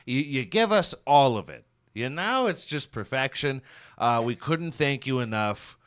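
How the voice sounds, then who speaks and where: A middle-aged man hosting a comedic solo podcast, rowdy and jokey, swinging between shouting and mumbling. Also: medium pitch, lively intonation, normal speed, over music. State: out of breath. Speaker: podcast host.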